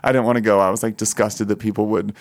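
A man telling a personal story in casual chat, animated, laughing often and full of fillers. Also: lowish voice, quick pace.

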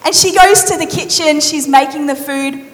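High-voiced woman preaching in an echoing hall. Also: normal speed. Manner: lively, conversational, playful storytelling. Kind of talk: sermon. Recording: reverberant hall.

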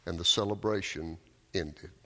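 A man preaching a sermon, telling a story with raised cries and quiet, low emphasis. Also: moderate pace. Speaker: pastor. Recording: long hall reverb.

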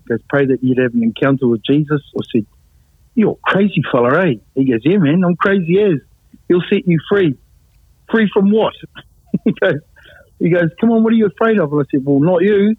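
A man's voice: a little high, moderate pace, long pauses, slightly rough, dry recording. A man telling his life story in casual talk, acting out the voices of others and laughing often. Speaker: guest telling his testimony. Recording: tinny phone-like line, dry.

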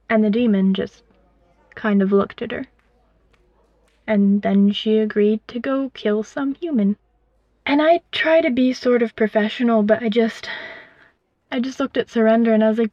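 A woman's voice: a little high, steady tone, normal speed, long pauses, dry recording, muffled recording. A woman telling a first-person story in a wry, rambling, conversational way. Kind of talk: first-person fiction narration.

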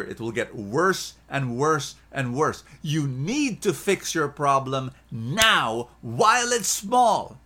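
A man preaching an inspirational sermon, animated and repetitive, shifting from loud emphasis to soft asides. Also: medium pitch.

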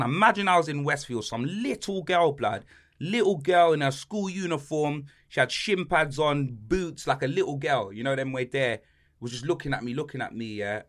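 A young man with a London accent, a lively storyteller whose pitch swings all over. His voice sits a bit high and sounds bright and sharp, full of slang and energy. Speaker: podcast host. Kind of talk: casual podcast chat.

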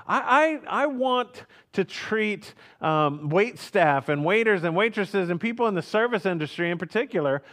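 A man's voice: high voice, fairly bright tone. A man from Houston, Texas, telling a personal story in an earnest, conversational way, often restarting his sentences and laughing briefly.

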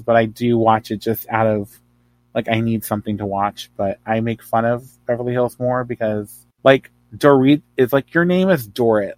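A man's voice: medium pitch, no echo. A man from New Jersey chats as a podcast guest, tossing out strong opinions and winding asides. His voice sits in a middle register. The sound is dry and close, with no room around it. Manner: opinionated, animated, rambling asides. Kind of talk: casual chat.

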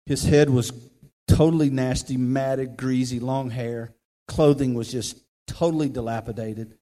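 Male pastor, mid pitch, chatty storytelling sermon, echoing hall. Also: a little slow. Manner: conversational, animated storyteller. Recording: reverberant hall, faint music.

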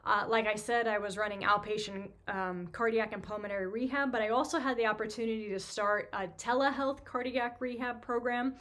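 A woman's voice: on the high side, steady tone, brisk, hardly any pauses, a bit bright. A woman, hosting a podcast and casually telling a story about her career, chatty and self-deprecating with lots of fillers. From New York. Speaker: podcast host, physical therapist.

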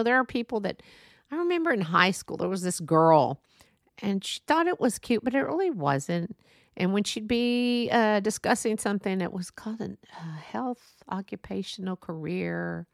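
A middle-aged woman hosts a solo podcast in a casual monologue, speaking earnestly with lots of fillers and restarts. She wanders off on tangents, apologizes, and returns to her point. Her mid-range voice is slightly bright, recorded clean in a studio with no room sound.

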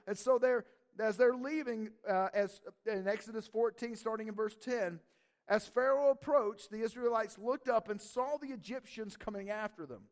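High-voiced male preacher, joking and animated. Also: moderate pace, in a large hall. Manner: animated, joking, conversational, repeats "right?". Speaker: pastor. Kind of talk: sermon.

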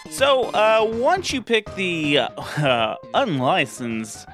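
A man's voice: sits high, wildly swooping pitch, takes it slowly, over music. A man from Texas, co-hosting a casual gaming podcast, laughing often and swearing casually. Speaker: podcast co-host.

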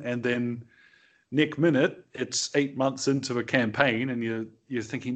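A man's voice: medium pitch, steady tone, moderate pace. Wry, self-deprecating male guest. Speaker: podcast guest, game master. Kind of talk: casual chat.

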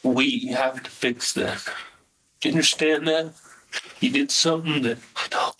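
A man's voice: medium pitch, fairly even intonation, unhurried, sharp tone, a little hiss or hum, poor audio. A man, a father, urging his son in a repetitive, pleading way. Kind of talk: pleading conversation.

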